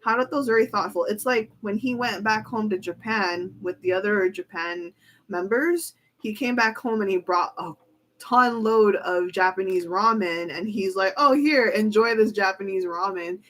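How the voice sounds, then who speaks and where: A woman reading tarot cards in a casual, chatty way, excitable and giggly. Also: medium pitch, moderate pace, poor audio. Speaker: tarot reader. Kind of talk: casual chat.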